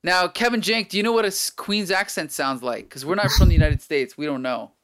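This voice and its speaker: A man's voice: high voice, fairly quick, a bit bright. A man hosting a casual chat recapping a comic book, rambling with many fillers and chuckles. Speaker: podcast host.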